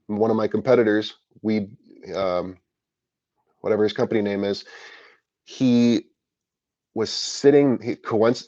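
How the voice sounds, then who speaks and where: A man's voice: lowish voice, dark tone, dry recording, highs cut off. A man casually telling a rambling personal story about starting his window cleaning business, correcting himself often and swearing now and then.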